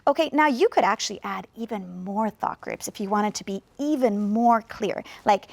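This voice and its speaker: A woman teaching English pronunciation in a video lesson, speaking slowly and clearly with deliberate pauses to demonstrate. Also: mid-range voice, dry recording.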